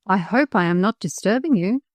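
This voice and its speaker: A sly, smooth-talking schoolboy, as a woman narrator plays him in a storybook, overly polite and earnest. The voice sits at a middle pitch and is recorded close and dry. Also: lively intonation, normal speed, dry recording, close to an everyday voice. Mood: wheedling.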